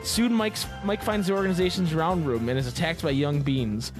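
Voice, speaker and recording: A man's voice: a little high, normal speed, over music. A man hosting a podcast in loose, jokey banter, swearing freely. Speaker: podcast host.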